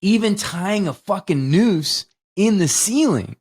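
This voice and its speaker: Man, podcast co-host, casual film talk, animated and swearing, fairly high voice. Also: takes it slowly, husky. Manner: animated, profane retelling of scenes.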